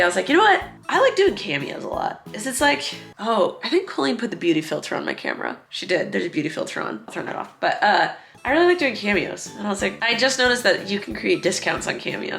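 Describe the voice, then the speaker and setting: A woman's voice: mid-range voice, pushed and bright, reverberant. A young woman chatting casually to camera in a vlog, laughing often and acting out quotes. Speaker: vlogger. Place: store, car and home office.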